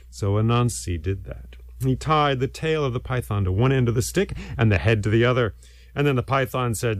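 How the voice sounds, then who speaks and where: A man's voice: mid-range voice, normal speed, dry recording. A man telling a folk tale aloud in a rhythmic, repetitive storytelling manner. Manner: animated, rhythmic, repetitive phrasing.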